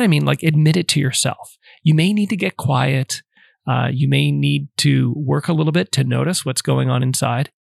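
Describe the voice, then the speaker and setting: A man hosting a podcast, calmly teaching prayer in numbered steps with a casual, conversational manner. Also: a little high, vocal fry, dry recording, studio quality. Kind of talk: casual instructional talk.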